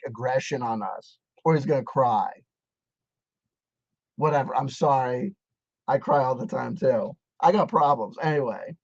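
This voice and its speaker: Sarcastic ranting man, somewhat high. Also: no room sound. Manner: sarcastic, profane, heated. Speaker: commentator reacting to a video. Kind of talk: ranting video commentary. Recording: dull, dry sound.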